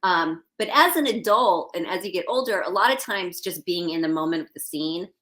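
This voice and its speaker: A woman's voice: fairly low pitch, lively intonation, a little fast, a bit bright. A middle-aged woman talking candidly as a podcast guest, chatty and laughing often. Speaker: guest actress. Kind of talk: casual podcast chat.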